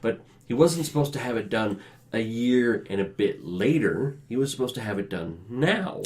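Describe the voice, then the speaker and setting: A man from Alberta hosting a casual political chat, explaining things in a measured way with many fillers. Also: mid-range voice, lively intonation, darkish tone. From Alberta, Canada. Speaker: podcast host.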